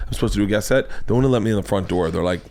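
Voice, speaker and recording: Animated, swearing American storyteller man. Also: fairly low pitch, very fast. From United States. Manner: animated storyteller, swears freely, puts on voices. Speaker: podcast host. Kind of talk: casual chat, storytelling.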